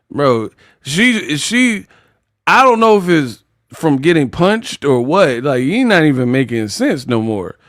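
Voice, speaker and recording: A man riffing through boxing commentary in slangy, animated mockery. His voice sits on the higher side for a man. The recording is dry and close. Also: measured pace, no echo. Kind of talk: mocking commentary vlog.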